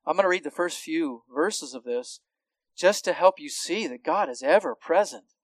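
A man preaching a sermon, moving from low, quiet explanation to loud, impassioned calls. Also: expressive, normal speed, no echo, rough recording. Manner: swings from quiet to loud, impassioned when calling out. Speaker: pastor.

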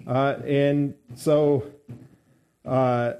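A man preaching a morning sermon, speaking in a measured, halting way with frequent fillers. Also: mid-range voice, flat delivery, dark tone, smooth.

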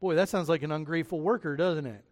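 A man preaching a sermon as pastor, animated and lively, acting out the voices of the people he quotes. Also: a little high, fast, in a large hall. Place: church sanctuary.

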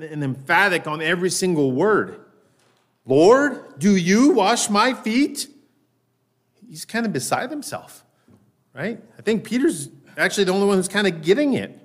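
A man preaching a sermon in a conversational way. He often checks in with "right?", slows down on key words and raises his voice to act out lines. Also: fairly high pitch, a bit bright. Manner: raises his voice when acting out Peter's lines. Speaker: pastor.

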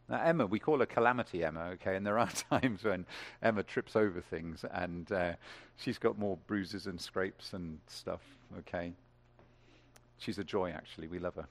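A man with a low voice delivers a lively sermon at a moderate pace, asking the congregation questions and building to emphatic high points.

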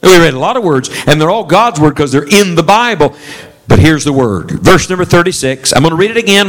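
Animated male preacher with lively pitch. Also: brisk. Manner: animated preaching with call-and-response. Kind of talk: sermon.

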